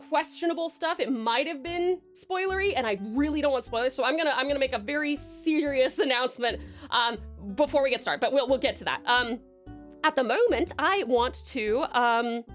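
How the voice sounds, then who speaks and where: A woman's voice: a little high, normal speed, a bit bright, soft background music. A woman from Tasmania, Australia, streaming and greeting her chat in a put-on old-time American mobster accent, playful and calling people darling and doll. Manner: playful, calls chatters darling and doll, laughs often.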